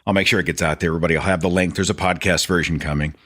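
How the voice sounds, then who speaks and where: A man's voice: low-pitched, steady tone, very fast, fairly bright tone. A man hosting a podcast, telling rambling, self-deprecating stories in a casual stream-of-consciousness monologue. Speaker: podcast host.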